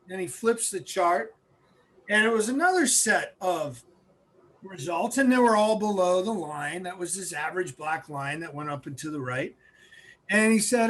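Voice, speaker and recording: A high-voiced, middle-aged man from central Massachusetts, a guest in an interview. He tells a personal story in an animated way and clears his throat often. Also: moderate pace.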